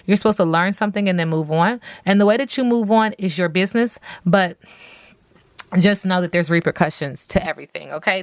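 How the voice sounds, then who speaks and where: A woman's voice: medium pitch, dry recording. A woman giving a tarot reading in a sassy, emphatic way, repeating herself and reeling off lists of words. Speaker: tarot reader.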